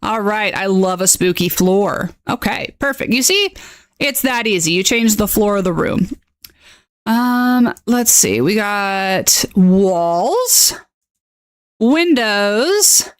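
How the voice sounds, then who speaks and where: A woman hosting a casual live-stream tutorial as a game master. She is chatty and excitable, reacting aloud as she clicks and tagging her lines with "okay?". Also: mid-range voice, slow pace, no room sound, studio quality.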